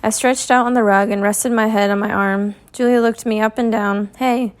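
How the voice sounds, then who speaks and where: A woman's voice: medium pitch, steady tone, moderate pace. Woman reading a novel aloud. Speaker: audiobook reader. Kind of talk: first-person novel narration.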